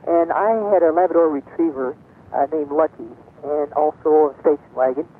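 A woman's voice: sits low, steady tone, normal speed, a little hiss or hum. Older woman reminiscing over a tinny line. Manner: rambling storyteller, many fillers. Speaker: radio guest. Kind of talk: reminiscing on a call-in radio show. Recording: tinny phone-line sound.

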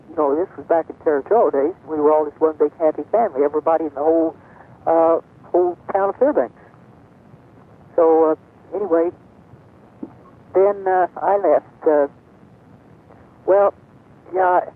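Older woman reminiscing over a tinny line. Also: low-pitched. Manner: rambling storyteller, many fillers. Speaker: radio guest. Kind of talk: reminiscing on a call-in radio show. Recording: tinny phone-line sound.

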